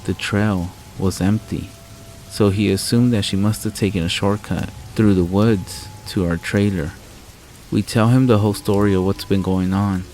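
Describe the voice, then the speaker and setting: A man narrating a scary story in a calm, measured, deadpan way. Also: fairly low pitch, a little hiss or hum, low-quality recording. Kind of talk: scripted narration. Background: rain and faint music.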